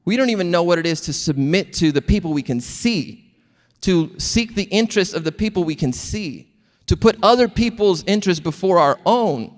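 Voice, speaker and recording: A man with a high, lifted voice preaches a sermon as a pastor. He tells stories and acts out the lines he quotes with lively energy, and his words ring out in a long hall reverb. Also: normal speed. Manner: animated storytelling, acting out quotes. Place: large church hall.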